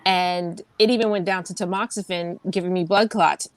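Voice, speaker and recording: A woman with a lowish voice speaks as a panel guest about her cancer treatment. She tells her story in an earnest, reflective way, and the sound is dry and close. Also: fairly even intonation, normal speed, no room sound. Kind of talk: candid panel discussion.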